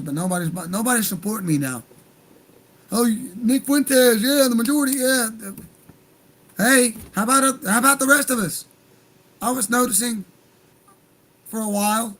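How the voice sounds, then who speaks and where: High-voiced man ranting heatedly. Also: a bit bright, poor audio. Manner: heated, profane, rambling. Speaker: livestream host. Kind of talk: angry livestream rant.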